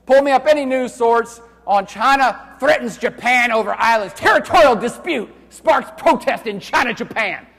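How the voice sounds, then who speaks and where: A university lecturer giving a live classroom lecture, loud and animated, joking with students and swearing casually. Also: male voice, extremely high pitch, moderate pace, gravelly, hardly any pauses. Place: large lecture hall. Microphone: handheld microphone. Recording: reverberant lecture hall.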